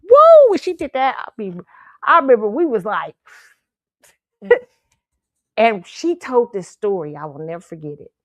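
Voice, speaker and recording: A woman's voice: mid-range voice, lively intonation, a little slow, long pauses, fairly bright tone, dry recording. A woman hosting her own show, telling a story in a casual, profane way and laughing often. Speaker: show host.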